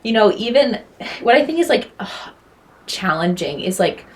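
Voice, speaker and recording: A woman's voice: mid-range voice, big pitch swings, normal speed. A woman in her twenties talking thoughtfully and hesitantly in a casual podcast chat, with many "like" and "you know" fillers. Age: 20s. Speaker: podcast co-speaker. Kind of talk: casual reflective conversation.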